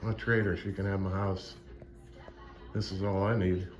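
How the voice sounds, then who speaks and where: A man's voice: deep voice, little pitch movement, normal speed, recorded from a distance. A man talking casually to his camera, rambling and repeating himself in an exasperated way, sitting in a small care home room. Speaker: vlogger. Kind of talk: casual vlog talk.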